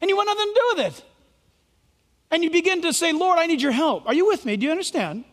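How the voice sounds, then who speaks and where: A man's voice: very high voice, big pitch swings, fast, a bit bright. A male pastor preaching a sermon in an emphatic, preacherly way, acting out imagined voices. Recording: long hall reverb.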